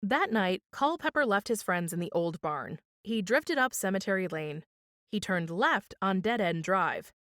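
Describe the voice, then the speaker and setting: Woman, children's storytime reader, animated, dry close sound. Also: medium pitch, measured pace, no room sound. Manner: expressive, lively reading. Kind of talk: children's storytime read-aloud.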